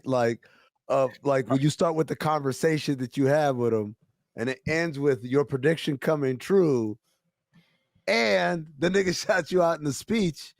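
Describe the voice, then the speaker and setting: A man's voice: on the high side, vocal fry, dry recording. A man co-hosting a casual chat, making an emphatic point that builds up. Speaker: podcast co-host.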